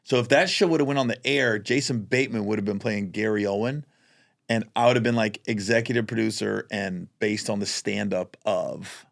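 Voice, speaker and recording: A man co-hosting a podcast as a comedian, telling stories in casual chat and acting out quotes in high voices. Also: steady tone, moderate pace, creaky.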